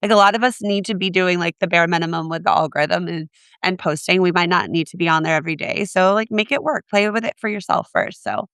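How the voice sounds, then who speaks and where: Raspy-voiced woman podcast host. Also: lowish voice, quick pace, fairly bright tone, dry recording, studio quality. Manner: upbeat, chatty, promotional. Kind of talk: casual podcast talk and outro.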